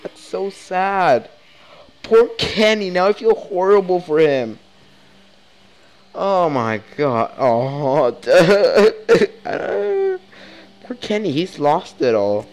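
A man's voice: high voice, wildly swooping pitch, extremely slow, darkish tone. A young man giving casual, emotional commentary over a video game, rambling and exclaiming often. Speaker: let's play gamer.

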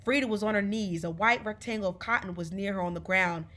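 A woman reading a novel aloud in a measured, expressive storytelling voice. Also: mid-range voice. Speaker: reader. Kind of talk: audiobook read-along of a novel.

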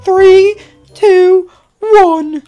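A woman doing a shrill, furious TV-headed monster woman. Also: extremely slow, dark tone, faint music behind, exaggerated voice. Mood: menacing. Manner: shrill, threatening and petulant. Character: angry, unhinged female TV-headed monster. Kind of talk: game role-play.

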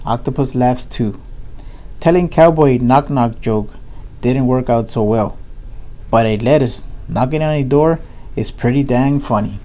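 Unhurried man reading a storybook aloud. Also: medium pitch, dark tone. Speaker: reader. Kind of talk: children's read-aloud.

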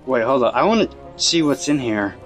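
A man's voice: medium pitch, brisk. Young guy yelping through a game, voice jumps all over, faint game music behind. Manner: excitable, yelps and exclaims at the game, talks to viewers. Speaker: let's play host. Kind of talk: casual gameplay commentary. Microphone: phone.

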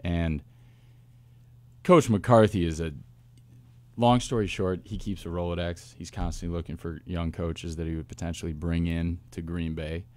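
A man, a football coach, telling stories in a casual interview with lively asides and restarts. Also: low voice. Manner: animated storyteller, quick asides and restarts. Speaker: wide receivers coach, guest.

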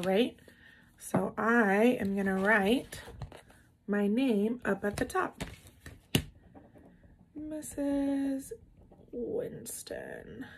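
A woman's voice: fairly high pitch, gravelly, slight background noise. A woman teacher giving a lesson to young children, patient and encouraging, sounding out words syllable by syllable.

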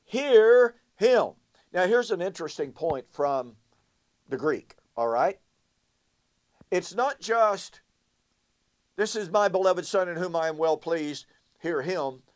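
Male Bible teacher, high voice, unhurried delivery, emphatic, leans on rhetorical questions. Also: expressive.

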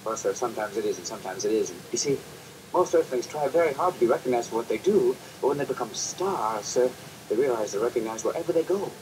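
A man's voice: medium pitch, expressive, quick pace, a little mellow, slight background noise, lightly acted, poor audio. An actor playing an earnest male alien who reports to his superior in a polite, deferential sitcom manner. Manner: polite, deferential, keeps saying sir. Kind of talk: sitcom acting.

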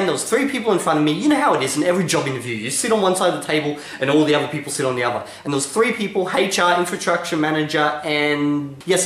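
A man's voice: a little high, a bit bright. A man talking casually to camera as a YouTuber, telling stories with a joking, self-assured manner. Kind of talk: casual vlog talk to camera. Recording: echoey room.

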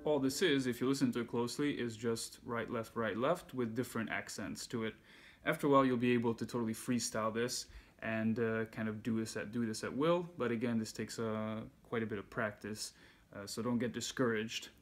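A man giving a casual music lesson, counting beats aloud in a relaxed way as he demonstrates. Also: mid-range voice, a little fast. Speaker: music teacher. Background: handpan playing.

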